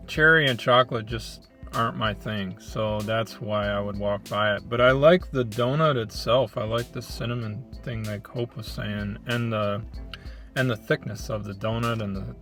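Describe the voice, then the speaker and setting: A man from Michigan hosting a casual food review, talking in a relaxed, thoughtful way with plenty of ums. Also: mid-range voice. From Flint, Michigan.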